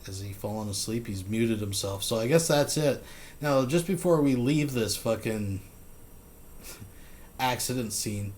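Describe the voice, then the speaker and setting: A man's voice: mid-range voice, expressive, a little slow, a little mellow, slight background noise. Sarcastic man commenting on a clip. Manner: mocking, incredulous. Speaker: host reacting to a livestream.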